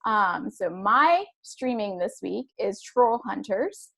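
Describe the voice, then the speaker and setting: A woman's voice: medium pitch, takes it slowly, gravelly, hardly any pauses, slightly rough. Chatty woman co-host, light Spanish accent. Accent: Latin American Spanish. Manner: chatty, laughs easily, lively storytelling. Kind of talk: casual chat.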